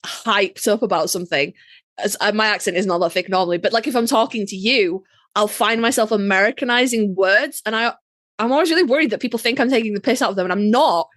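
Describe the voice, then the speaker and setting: A woman with a Yorkshire accent co-hosting a podcast in a casual chat, talking in quick, self-mocking asides with some swearing. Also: mid-range voice, fairly bright tone, no room sound. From Yorkshire, England. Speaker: podcast co-host.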